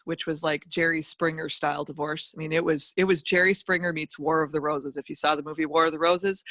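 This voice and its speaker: A middle-aged woman, a financial educator appearing as a guest speaker, tells a personal motivational story with emphatic, animated delivery and vivid asides. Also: low-pitched, no room sound, clean studio sound.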